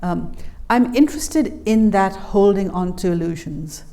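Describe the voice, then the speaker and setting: A woman's voice: mid-range voice, measured pace, dark tone. A woman moderating an on-stage conversation, asking questions in a thoughtful, hesitant way. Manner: thoughtful, hesitant phrasing with "um" and restarts. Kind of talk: interview questions and backchannel.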